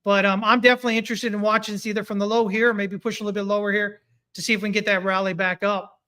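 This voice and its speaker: Bright high-voiced man explaining charts. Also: racing, clear, resonant tone. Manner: animated, talks through charts, reads viewer comments. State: hiccuping. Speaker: market analyst streaming chart analysis. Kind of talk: live-stream chart commentary.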